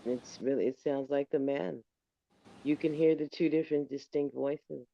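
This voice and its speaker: A man co-hosting a casual discussion, reasoning slowly with hesitations. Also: on the high side, fairly even intonation, creaky, mellow, lo-fi sound. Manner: thoughtful, hesitant, reasoning step by step. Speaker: co-host. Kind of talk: casual chat.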